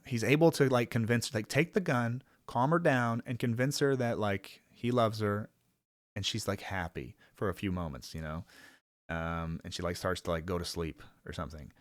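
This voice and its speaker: A man's voice: fairly low pitch, measured pace, no echo, clean studio sound. A man giving a rambling, casual film review, full of fillers and swearing, sometimes acting out characters in a raised voice.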